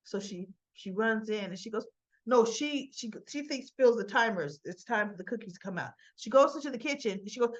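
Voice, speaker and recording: A woman chattily retelling a soap opera episode, animated, with frequent asides. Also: fairly high pitch, a little fast, dull audio. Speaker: soap opera recap vlogger. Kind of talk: casual recap of a TV episode.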